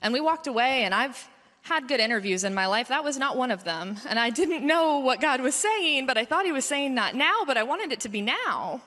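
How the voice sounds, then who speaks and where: Bright-voiced woman telling her story in a hall. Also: high-pitched, lively intonation, brisk. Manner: earnest storytelling, voice rising with emotion. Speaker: pediatrician speaking at a mission conference. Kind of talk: personal testimony talk. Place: large conference hall. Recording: long hall reverb.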